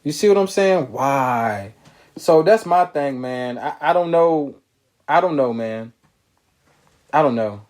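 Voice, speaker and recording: Slightly high-voiced man hosting a live talk show. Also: animated, slow, long pauses, darkish tone. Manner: loose and conversational, repeats phrases, reads viewer comments aloud. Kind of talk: casual live-stream commentary.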